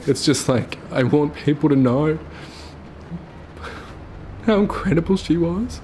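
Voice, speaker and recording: A young man telling his late mother's story to camera, tearful and halting, with his voice breaking. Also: on the high side, lively intonation, a little mellow, slight background noise. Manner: halting, full of fillers and restarts.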